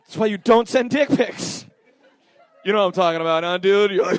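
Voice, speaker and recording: Young Canadian stand-up, high voice, rambling self-deprecating delivery, dry mic sound. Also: male voice, a little fast, clean tone, no echo. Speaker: stand-up comedian. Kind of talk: stand-up set. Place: comedy club stage.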